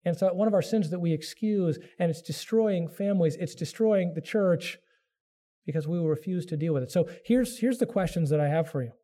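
A man's voice: high voice, brisk, warm tone. A middle-aged man preaching a sermon to his congregation, earnest and direct, who raises his voice to act out people's excuses. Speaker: pastor.

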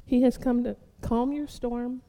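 Woman pastor, high voice, unhurried sermon delivery in a reverberant hall. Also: flat delivery. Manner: preaching, building to loud fervent exhortation; addresses listeners as beloved.

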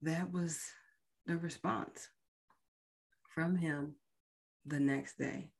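Woman in her thirties, low voice, slow and halting storytelling that drops to near-whispers. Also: steady tone, creaky, a little mellow, breathy edge. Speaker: podcast host. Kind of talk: personal storytelling.

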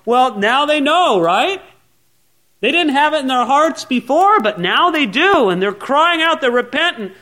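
Man, middle-aged pastor, high voice; earnest sermon delivery, shifts from hushed to pleading. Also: big pitch swings, moderate pace. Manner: earnest, swings between quiet asides and raised pleading.

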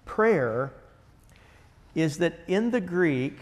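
A man with a fairly high voice leads a Bible study at an unhurried pace. He talks in an eager, conversational way and keeps asking his listeners questions. His voice rings out with a long reverb, as in a large room. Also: animated. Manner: enthusiastic, conversational, asks the group questions.

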